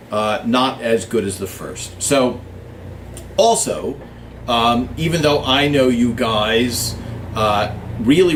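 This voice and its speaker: A man's voice: medium pitch, a little hiss or hum. Chatty man hosting a live fan stream. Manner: chatty, thinks aloud with fillers, greets viewers by name. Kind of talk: casual live-stream chat. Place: small studio with a blue backdrop, in Hollywood.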